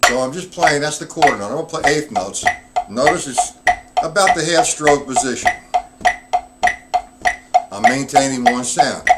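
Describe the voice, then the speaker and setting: A man's voice: on the high side, a little fast, over loud music. Man counting beats in a drum lesson. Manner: counts beats aloud in a steady, patient teaching voice. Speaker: drum teacher. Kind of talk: live-streamed music lesson. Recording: loud background noise.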